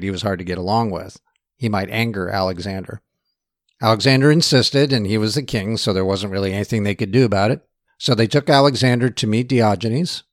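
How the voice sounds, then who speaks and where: Man, lecturer, lowish voice, dry close sound, relaxed storytelling. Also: no room sound.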